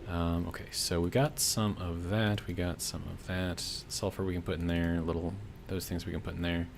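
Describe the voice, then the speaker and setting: An American streamer with a low, creaky, level voice comments casually at normal speed on the video game he's playing and reads out chat messages. He rambles and thinks aloud with plenty of fillers over a noisy background.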